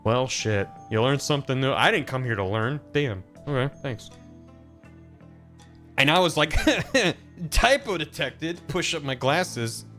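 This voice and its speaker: A man's voice: medium pitch, unhurried, a bit bright, faint music behind. A man streaming a video game, chatting casually and animatedly, swearing often and mocking himself.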